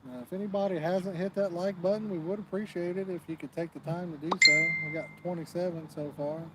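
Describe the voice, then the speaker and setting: A man's voice: high voice, fairly even intonation, fast, very noisy. A man hosting a live fishing stream outdoors, chatting casually and talking straight to the viewers in the chat. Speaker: fishing channel host.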